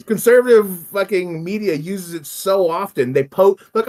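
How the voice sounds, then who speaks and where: A man's voice: sits high, normal speed, hardly any pauses. A man in casual conversation, ranting with lots of swearing and laughter. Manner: profane, animated ranting with laughs. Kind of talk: casual chat.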